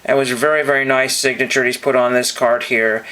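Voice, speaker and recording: A man's voice: mid-range voice, little pitch movement, fairly quick, bright, forceful tone, low-quality recording. A man casually talking through his card collection, hesitant and rambling, often restarting his sentences. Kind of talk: casual show-and-tell vlog.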